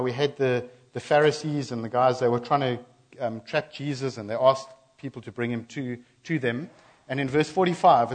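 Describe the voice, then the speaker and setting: A man preaching a sermon in a church, animated and acting out the voices of the people he quotes. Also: mid-range voice, breathy edge.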